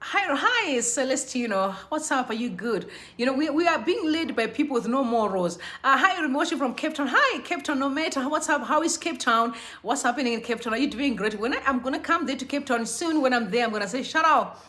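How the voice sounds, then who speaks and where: Bubbly, bright-voiced young woman live-streaming. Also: high voice, lively intonation, fairly quick, hardly any pauses. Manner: bubbly, chatty, shouts out viewers by name. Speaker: livestream host. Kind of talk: casual live-stream chat greeting viewers. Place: Johannesburg.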